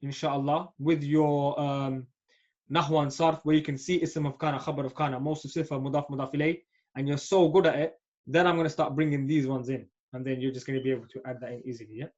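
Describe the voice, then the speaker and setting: A man's voice: mid-range voice, steady tone, fast talker, a little mellow. A man teaching an Arabic grammar class, patient and often checking understanding. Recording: dull lo-fi audio.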